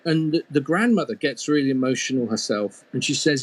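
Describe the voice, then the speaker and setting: A man's voice: medium pitch, brisk, few pauses. A man telling a folk tale as a storyteller, playful, with humorous asides. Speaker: storyteller and mythologist.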